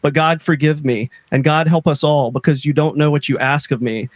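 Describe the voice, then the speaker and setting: This is a man co-hosting a relaxed podcast chat. His voice sits a bit higher than most men's and has no room echo at all. He retells stories with eager energy and acts out the lines people say. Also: normal speed, highs cut off. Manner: enthusiastic storytelling, acting out quoted lines. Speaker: podcast co-host. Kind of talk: casual chat.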